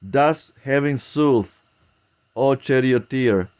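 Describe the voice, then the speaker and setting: A man reading the lines of a gentle, dutiful young prince in slow, archaic verse. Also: mid-range voice, clean tone, lightly acted. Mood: solemn. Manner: measured, archaic verse cadence.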